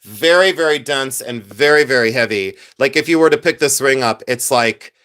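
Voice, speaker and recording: A man's voice: medium pitch, moderate pace, fairly bright tone. A man hosting a casual jewelry live stream, rambling, reading chat messages aloud and laughing easily.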